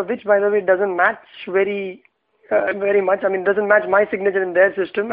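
A man with an Indian English accent telling a personal story in a relaxed, easy-laughing manner. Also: sits high. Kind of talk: casual anecdote telling. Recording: tinny phone-like sound.

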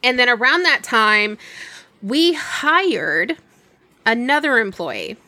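Bright-voiced young woman telling a story. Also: a little high, slow pace, dry recording. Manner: animated retelling with quoted dialogue. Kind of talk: casual storytelling chat.

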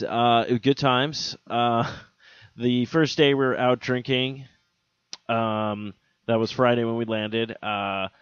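A young man tells a comic story on a podcast, jumping into loud, exaggerated voices for the people in it. The audio is dry and a little dull, recorded close on a home mic. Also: mid-range voice, smooth, no room sound. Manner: animated, acts out quoted voices loudly. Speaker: podcast co-host. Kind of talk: casual comedic storytelling.

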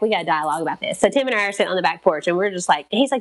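A woman, telling a personal story in casual chat, lively and acting out quoted voices. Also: medium pitch, racing, hardly any pauses. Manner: animated, quotes herself and others.

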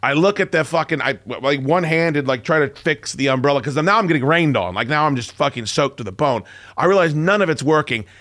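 A man's voice: fairly high pitch, expressive, fairly quick, a bit bright, no echo, clean studio sound. A man in his forties hosting a radio show, telling a story in a profane, self-mocking rant. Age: 40s. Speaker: radio host. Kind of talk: casual on-air storytelling.

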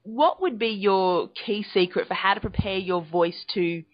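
A woman's voice: mid-range voice, a little slow, no echo. Playful woman host, slightly muffled. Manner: playful and enthusiastic. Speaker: podcast host. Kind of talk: conversational interview.

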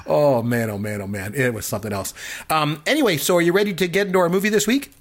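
A man co-hosting a podcast, chatting casually and telling animated stories while laughing at them. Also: on the high side, racing. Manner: animated storytelling, laughs at his own stories. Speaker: podcast co-host. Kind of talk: casual chat.

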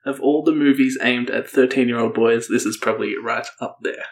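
A man co-hosting a casual podcast, reviewing a movie in a chatty, joking way with quick asides. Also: mid-range voice, steady tone. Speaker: podcast co-host. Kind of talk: casual chat.

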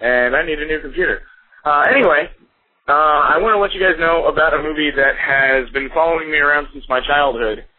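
Texan caller on a tinny phone line. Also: male voice, a little high. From Texas. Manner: rambling, amused, fillers. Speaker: voicemail caller. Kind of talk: casual voicemail.

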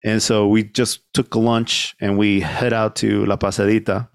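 A man's voice: on the low side, little pitch movement, moderate pace, no room sound, studio quality. A man hosting a podcast, telling a story in casual chat, swearing freely and acting out the people he quotes. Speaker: podcast host.

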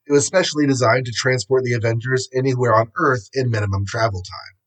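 A man narrates a superhero storybook in a steady, plain way. His voice is husky and of middling pitch. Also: fast talker, poor audio.

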